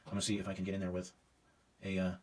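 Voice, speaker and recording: A man's voice: low voice, monotone, rapid-fire, darkish tone, recorded from a distance, a little hiss or hum. A man teaching a painting demonstration, thinking aloud as he works, casual and self-critical with hesitant fillers. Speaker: art teacher.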